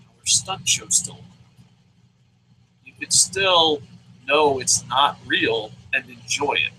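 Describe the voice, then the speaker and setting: A man tears into wrestling in a loose, profane rant, slipping into mocking impressions as he goes. His voice is very bright and sits a bit high. A faint noise runs under the recording. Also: rough recording. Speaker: wrestling show reviewer. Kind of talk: casual opinionated rant.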